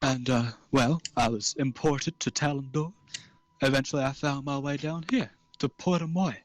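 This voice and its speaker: Friendly talking cactus fellow, slow and cheerful, a man doing it, dry sound. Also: mid-range voice, fairly even intonation, no room sound, lightly acted.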